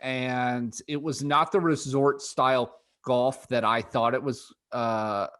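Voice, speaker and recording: A man's voice: mid-range voice, steady tone, slow pace, fairly bright tone. Chatty man co-hosting a golf podcast. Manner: chatty, repeats himself, laughs often. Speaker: podcast co-host. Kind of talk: casual chat.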